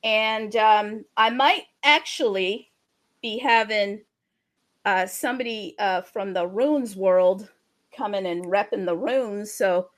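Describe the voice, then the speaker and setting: A woman hosting a crypto livestream, talking in an energetic, chatty and openly salesy way as she promotes a wallet and marketplace. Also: mid-range voice, takes it slowly.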